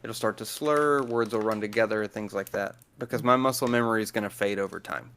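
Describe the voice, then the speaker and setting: A man's voice: on the low side, brisk, fairly bright tone. A man in casual conversation, carefully and patiently explaining how he manages his speech. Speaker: guest. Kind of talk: casual chat.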